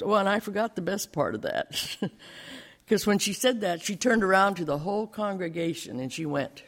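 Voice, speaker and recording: A man's voice: high voice, lively intonation, brisk, fairly bright tone. An older man telling a personal testimony to a church congregation, bringing the story to life by acting out the dialogue. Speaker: lay speaker giving a testimony in church.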